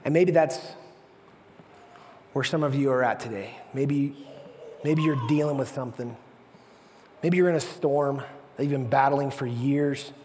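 A man pastor preaching a sermon with animated storytelling, swinging between hushed and loud. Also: medium pitch, a little slow, long pauses, long reverb tail, a little hiss or hum.

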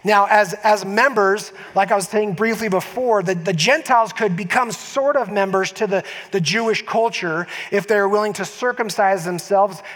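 A man's voice: high voice, normal speed, hardly any pauses, fairly bright tone. A man preaching a sermon as a pastor, conversational with frequent restarts and emphatic asides to the congregation. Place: church sanctuary. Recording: long church hall reverb.

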